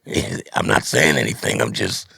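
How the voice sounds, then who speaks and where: Deep gravelly husky man. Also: normal speed, sharp tone, no room sound, clean studio sound. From Dallas, Texas. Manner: reflective, storytelling, repeats words. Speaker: rapper guest. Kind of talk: casual interview conversation.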